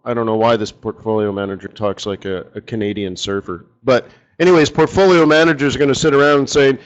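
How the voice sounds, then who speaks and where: A man's voice: mid-range voice, fairly even intonation, quick pace, muffled recording. A man running a live forex strategy session, talking casually and rambling, often asking his audience rhetorical questions.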